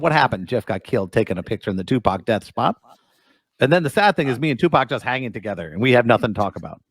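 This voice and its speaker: A man's voice: mid-range voice, big pitch swings, quick pace, fairly bright tone, no room sound. A man co-hosting a comedy radio show, making wry, mock-grumbling complaints in banter.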